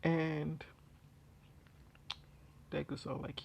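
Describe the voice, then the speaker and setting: A storyteller casually retells a fan story, rambling with constant fillers and restarts. The voice is very gravelly and husky. The pace is unhurried. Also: mid-range voice, darkish tone.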